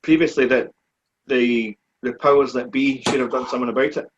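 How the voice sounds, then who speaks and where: A man in his forties with a Scottish accent, a speedway rider answering questions in a relaxed, plain-spoken way during a live online chat. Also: medium pitch, brisk, background noise. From Scotland. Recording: dull, muffled lo-fi stream audio.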